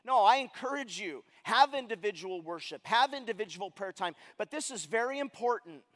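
A man's voice: sits high, lively intonation, moderate pace. Emphatic male pastor preaching in a reverberant hall. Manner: emphatic preaching, rhetorical questions, shifts between loud and quiet. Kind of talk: sermon. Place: large church sanctuary.

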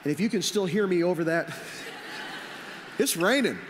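High-voiced hoarse pastor preaching. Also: male voice, animated, fast talker, in a large hall, a little hiss or hum. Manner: earnest, repeats phrases for emphasis. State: hoarse from illness. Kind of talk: sermon.

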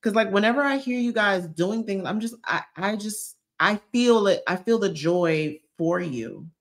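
A woman's voice: mid-range voice, animated, normal speed. Chatty woman on a live stream. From Georgia, US. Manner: bubbly and chatty, reads out viewer comments, uses slang. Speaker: lifestyle YouTuber hosting a live stream. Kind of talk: casual live-stream chat with viewers.

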